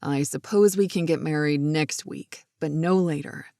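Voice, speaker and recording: A woman voicing a smitten grown man in a romance audiobook, speaking low, soft and affectionate. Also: moderate pace, creaky, no room sound, studio quality. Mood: playful. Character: smitten man in his thirties, tender, playful.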